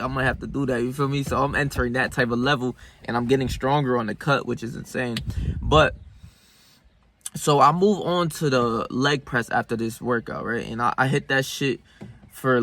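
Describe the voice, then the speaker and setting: A man's voice: mid-range voice, bright, forceful tone, slight background noise. A young man vlogging about self-improvement in a casual, profane monologue. He tells the story loosely, with lots of slang and fillers.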